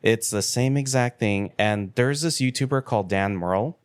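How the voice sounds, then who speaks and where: A man co-hosting a movie podcast, calmly laying out and recapping online claims in casual chat. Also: lowish voice, normal speed, smooth, no echo, clean studio sound. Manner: steady, explanatory, recapping claims. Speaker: podcast co-host.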